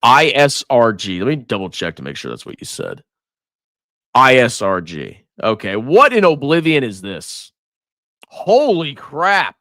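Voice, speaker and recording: A man hosting a finance livestream, ranting and mocking in an animated voice that swings between loud outbursts and mutters. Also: mid-range voice, moderate pace, dry recording, clean studio sound. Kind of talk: livestream rant and stock commentary.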